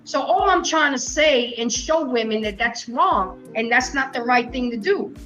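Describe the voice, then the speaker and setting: High-voiced emphatic woman host. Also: expressive, normal speed, fairly bright tone, faint music behind, low-quality recording. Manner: emphatic and storytelling. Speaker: show host. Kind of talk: casual panel debate.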